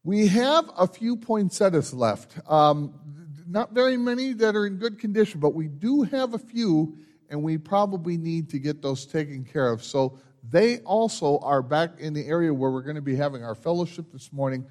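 A pastor, a man, reads the order of confession in a measured, solemn cadence. His voice is fairly high for a man and swings widely up and down. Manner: measured, solemn liturgical delivery with lively rises. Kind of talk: church announcements and liturgy.

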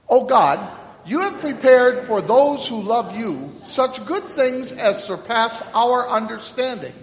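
High, lively pastor in an echoey church. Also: male voice. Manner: solemn liturgical cadence with call and response prompts. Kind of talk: church announcements and liturgy. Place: church sanctuary. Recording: echoey church hall, mic at a distance.

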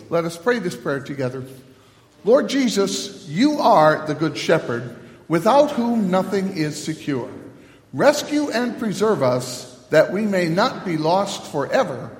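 A man, a pastor, leading a church liturgy, first with halting announcements, then in a measured liturgical cadence. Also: high voice. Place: church sanctuary. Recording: long reverb of a large church.

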